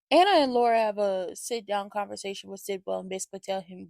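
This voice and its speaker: A woman's voice: medium pitch, animated, fast talker, vocal fry, few pauses, a little mellow, no room sound. A woman giving an opinionated soap opera recap in a sassy, slangy, ranting way.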